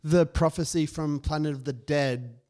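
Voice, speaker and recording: A man's voice: fairly high pitch, fairly even intonation, moderate pace, dark tone. A man co-hosting a casual fan podcast, opinionated and full of ums and restarts. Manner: opinionated, hesitant with many fillers. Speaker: podcast co-host.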